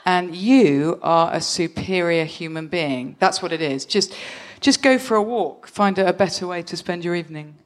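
A woman's voice: lowish voice, normal speed, hardly any pauses. An English woman co-hosting a comedy podcast, playfully acting out scenes and voicing several characters. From England. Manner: playful, giggly, swaps voices for characters. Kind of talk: improvised comic scene reading.

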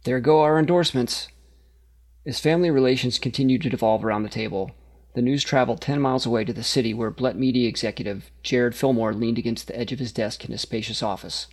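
A man's voice: mid-range voice, quick pace. A man reading a satirical story aloud, narrating steadily and lifting his voice for the characters' dialogue.

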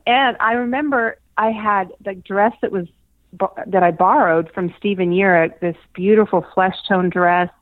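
An older woman talks over a thin, tinny phone line, her voice sitting fairly low for a woman. She tells stories in a chatty, casual way, laughing often and restarting her sentences. The sound is close and dry, with no room around it. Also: fairly even intonation, normal speed, dry recording. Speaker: interview guest, former pageant winner. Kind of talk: casual storytelling interview.

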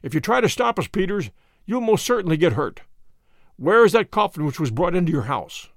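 A man voicing a cool, firm master detective who speaks briskly and with authority. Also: high voice, sing-song, vocal fry, no echo, studio quality, exaggerated voice.

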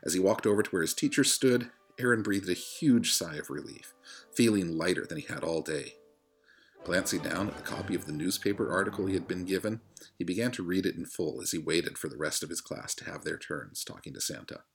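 Deep-voiced man reading a story aloud. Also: fairly quick, faint music behind. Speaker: listener reading a chapter. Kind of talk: audiobook reading.

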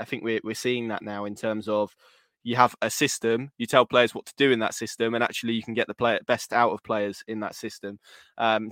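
A man hosts a football podcast in a loose, rambling chat and keeps circling back with restarts and repeated words. He talks at a brisk clip. The sound is dry and close. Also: fairly low pitch, fairly bright tone, no room sound. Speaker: podcast host.

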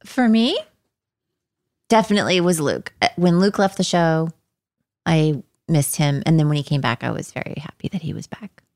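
A woman guest in a casual chat, relaxed, with dry quips. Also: low-pitched, normal speed, no echo.

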